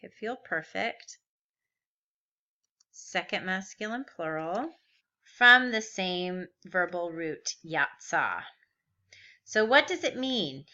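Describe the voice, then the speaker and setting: A woman's voice: lowish voice, expressive, slow, long pauses, bright, forceful tone, muffled recording. A woman teaching a recorded grammar lesson, patiently walking through verb forms step by step and asking rhetorical questions. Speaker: Biblical Hebrew teacher.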